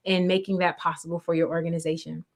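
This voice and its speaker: A woman's voice: fairly low pitch, flat delivery, quick pace. A woman guest, a grief coach, talking in an interview over a video call, emphatic and instructive, often checking in with the listener. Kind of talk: conversational interview.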